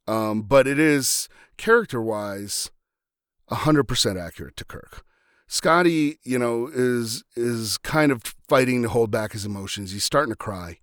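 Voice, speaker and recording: A man's voice: mid-range voice, no echo, studio quality. A man hosting a podcast, talking through a film scene in a casual, rambling way with frequent restarts. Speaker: podcast host.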